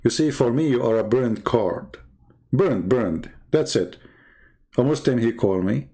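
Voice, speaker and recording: Man, English, heated rant, mocking, insulting, average pitch. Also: unhurried, warm tone. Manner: scornful, insulting, mocking laughs. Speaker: online debate speaker. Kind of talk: heated ranting monologue.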